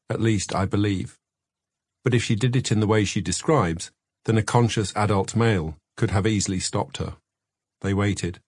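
A man narrating his memoir as a scripted audiobook, measured and matter-of-fact. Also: on the low side, husky, no room sound, studio quality.

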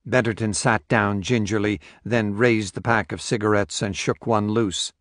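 A man reading a story aloud as audiobook narrator in a steady, measured way. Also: on the low side, dry recording, studio quality. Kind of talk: scripted narration.

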